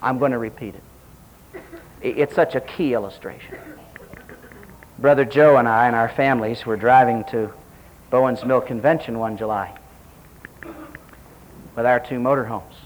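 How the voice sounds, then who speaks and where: A middle-aged man preaching, telling a story with lively quoted dialogue and direct questions to the congregation. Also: mid-range voice, normal speed, pauses often, a little hiss or hum, low-quality recording. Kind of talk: sermon.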